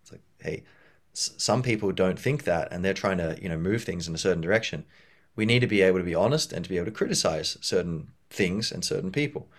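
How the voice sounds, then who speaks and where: A man's voice: deep voice, expressive, fast. A man hosting a podcast, talking casually on his own in a rambling way with many fillers and restarts. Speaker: podcast host. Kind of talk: casual solo monologue.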